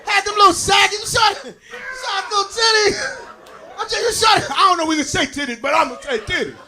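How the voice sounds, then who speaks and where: Talking fast in a very high voice, a man on stage performs a boisterous stand-up set aimed straight at the audience. He laughs through his lines and bellows the punchlines, with a faint crowd audible.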